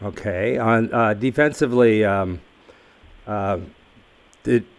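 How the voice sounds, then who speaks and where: A man interviews a high school football coach for a radio sports show. His voice is mid-range, and his questions come out haltingly, padded with fillers and restarts.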